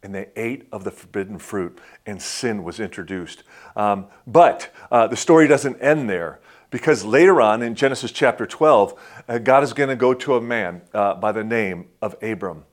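A man preaching a sermon as a pastor in a conversational way, often dropping to a soft hush and saying "man" and "right?" a lot. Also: fairly low pitch, moderate pace. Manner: frequent filler "man" and "right?".

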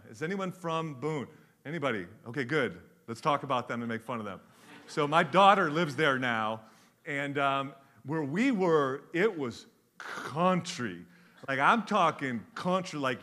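A middle-aged man, preaching a sermon with animated, joking storytelling. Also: on the high side. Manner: animated storytelling with jokes, varied pace. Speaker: pastor.

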